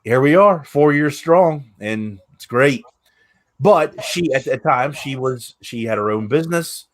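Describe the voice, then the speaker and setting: A man's voice: medium pitch, expressive, a little slow. A man hosting a podcast, talking candidly and earnestly in casual chat, swearing now and then. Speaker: podcast host.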